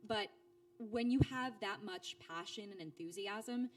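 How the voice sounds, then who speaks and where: A woman's voice: a little slow, recorded from a distance, a little hiss or hum. A woman in her thirties, a voice actor, telling stories in a casual interview, full of fillers and restarts and acting out quoted lines. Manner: animated, acts out quoted speech with big pitch jumps; chatty with frequent fillers and restarts. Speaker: voice actor guest.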